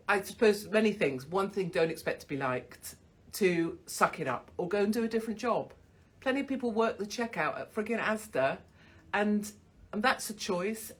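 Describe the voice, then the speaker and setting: Husky, blunt Englishwoman ranting. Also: medium pitch. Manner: blunt, sweary and mocking, laughs often. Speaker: livestream host. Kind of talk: casual livestream rant. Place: hotel room. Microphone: phone livestream.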